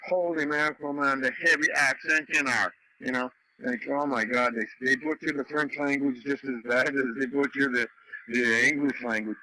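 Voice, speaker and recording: A Canadian man tells rambling stories in a casual chat over a radio net, full of fillers and restarts. His mid-range voice is bright and forceful with fairly even intonation at normal speed, heard through rough radio audio with faint noise.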